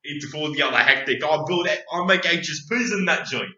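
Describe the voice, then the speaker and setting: A man's voice: fairly high pitch, moderate pace, bright, forceful tone, echoey room, lo-fi sound. A man voicing a brash, slangy young Lebanese-Australian man with a Lebanese-Australian accent, ending his lines with "cuz". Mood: swaggering.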